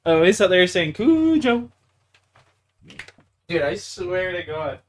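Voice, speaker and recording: A man's voice: high voice, big pitch swings, measured pace, a little hiss or hum. A young man from Canada, streaming a game live, chatting casually with viewers, laughing often, swearing and mocking himself, muttering to himself as he plays. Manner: laughs a lot, swears, self-mocking, calls viewers bro and dude; mutters to himself while playing. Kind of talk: casual live-stream chat while gaming.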